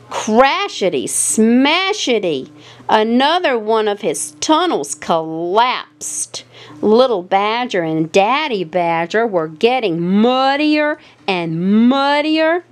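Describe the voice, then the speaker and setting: Woman storyteller, playful sing-song picture-book reading, slightly high voice, unhurried. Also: very animated, clear, resonant tone.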